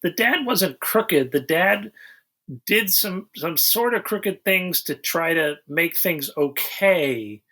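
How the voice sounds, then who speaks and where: A man's voice: sits high, expressive, slow, pushed and bright. A man co-hosting a podcast, recapping a movie plot in a dry, dismissive way. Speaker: podcast co-host. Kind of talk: casual chat.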